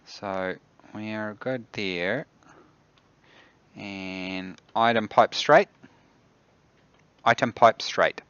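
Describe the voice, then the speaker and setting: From his office, a man with a New Zealand accent runs a game dev stream, muttering and thinking aloud as he constructs things in the game. He talks very slowly with frequent pauses in a smooth, low-ish, slightly bright voice; the sound is lo-fi with no room sound.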